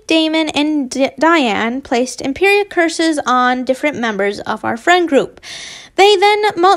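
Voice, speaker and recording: A woman voicing a tender, regretful young man who speaks softly. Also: sits high. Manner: soft, tender. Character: gentle, regretful young man, soothing his love.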